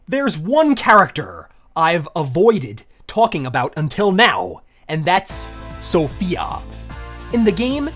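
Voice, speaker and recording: A woman reviewing a cartoon with sarcastic, ranting commentary and mock outrage. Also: on the low side.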